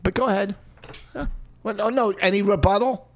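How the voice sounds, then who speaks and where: A man's voice: high-pitched, a little fast, slight background noise. A middle-aged man co-hosting a podcast with his wife, teasing her in a mock-exasperated way. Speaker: podcast co-host. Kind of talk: casual bickering chat.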